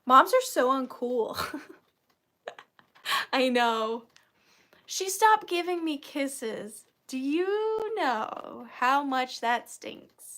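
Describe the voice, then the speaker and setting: With a high, sing-song voice and a sharp tone, a woman speaks extremely slowly and leaves long pauses. She's in her thirties, hosting a chatty live vintage sale, self-deprecating and quick to cry.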